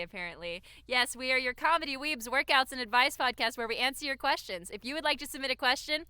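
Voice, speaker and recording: Bright upbeat Southern woman hosting a podcast. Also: high voice, clear, resonant tone, no room sound. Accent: Southern American. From American South. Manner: upbeat, quick reactions and laughs. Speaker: podcast co-host. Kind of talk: casual chat.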